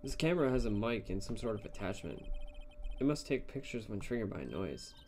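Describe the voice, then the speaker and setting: A man streaming a game, reading its dialogue aloud in a dry, deadpan manner. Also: fairly low pitch, fairly quick, a little hiss or hum. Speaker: let's play streamer.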